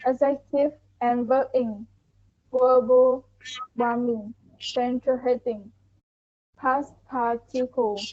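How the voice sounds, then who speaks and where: A woman student reading a class presentation on word stress, going through word lists slowly and flatly. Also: on the high side. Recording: dull lo-fi recording.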